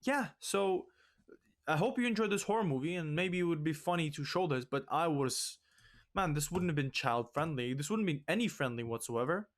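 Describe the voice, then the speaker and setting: A young man hosting a let's play, ranting in exasperation and swinging loud and high when upset. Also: lively intonation, fairly quick. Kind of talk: ranting game commentary.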